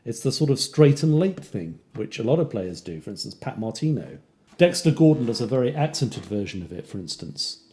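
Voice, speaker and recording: A man's voice: medium pitch, big pitch swings, a little fast, mellow. A man with a British accent teaching a casual jazz guitar lesson, counting beats and scatting rhythms. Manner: counts beats aloud and scats rhythms while demonstrating. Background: guitar playing between phrases.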